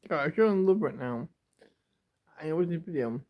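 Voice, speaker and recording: Speaking directly to his camera, a young vlogger pours out an emotional, rambling confession, stumbling over words, repeating himself, and nearly crying. His voice is a little high and darkish, with lively intonation and a brisk pace, captured on dull lo-fi home video.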